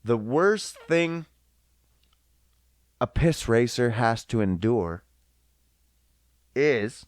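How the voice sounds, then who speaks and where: A man hosting a podcast, delivering a casual comedic rant full of profanity in an animated, mocking way. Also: mid-range voice, drawn-out words, no echo, studio quality. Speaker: podcast host.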